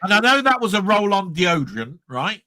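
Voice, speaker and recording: A man's voice: high voice, sing-song, a little fast, sharp tone, no room sound, clean studio sound. A man from the south of England hosting a live stream, joking and rambling in casual chat. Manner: joking, rambling, prone to mock rants.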